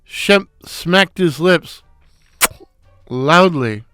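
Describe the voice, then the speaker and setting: A man narrating a comic story in a wry, unhurried storytelling manner. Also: fairly high pitch, lively intonation, bright, forceful tone, clear, resonant tone, no room sound, studio quality, soft background music.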